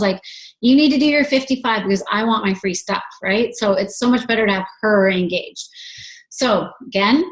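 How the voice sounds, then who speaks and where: A woman's voice: mid-range voice, low-quality recording. A woman giving a casual team training talk as a sales team leader, chatty and often ending her points with "right?". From Canada.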